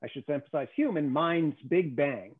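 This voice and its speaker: A man's voice: on the high side, normal speed, breathy edge. Man explaining emphatically over a tinny call. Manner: emphatic, keeps checking in with "okay?". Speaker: guest. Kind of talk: conversational lecture on theory. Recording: tinny phone-like call audio.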